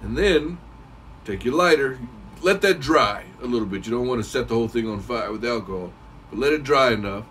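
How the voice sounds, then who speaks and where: A man giving a casual, rambling how-to talk as a cigar reviewer, clearing his throat now and then. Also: mid-range voice, lively intonation, fairly quick, fairly bright tone, distant mic, slight background noise, rough recording.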